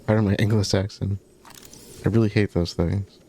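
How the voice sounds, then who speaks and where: A man's voice: on the low side, fairly even intonation, moderate pace, dark tone, a little hiss or hum. A man casually commenting while playing a game, musing and thinking aloud. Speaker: gaming YouTuber, biologist. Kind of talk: let's play commentary.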